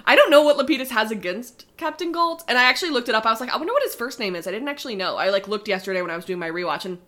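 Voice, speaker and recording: A woman's voice: on the high side, lively intonation, racing, bright, forceful tone. A woman hosting a podcast, recapping a TV episode in a chatty way, with frequent "like" fillers and easy laughter. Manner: chatty, says "like" often, laughs easily. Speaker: podcast host. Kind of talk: casual recap chat.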